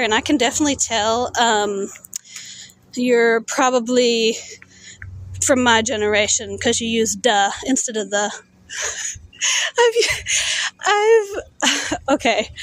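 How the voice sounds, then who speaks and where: A woman in her thirties with a notably high voice streams while she walks along a road outdoors. She takes her time, rambling and stopping with lots of fillers as she digs for memories. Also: low-quality recording. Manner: rambling, halting recall with many fillers. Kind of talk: casual chat while walking.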